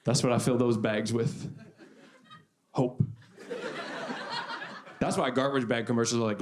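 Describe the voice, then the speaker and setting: A man doing a stand-up set on a club stage, deadpan and self-deprecating, repeating lines for effect. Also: fairly low pitch, moderate pace, vocal fry, pauses often, noisy background. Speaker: stand-up comedian. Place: comedy club stage before a live audience. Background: audience laughter.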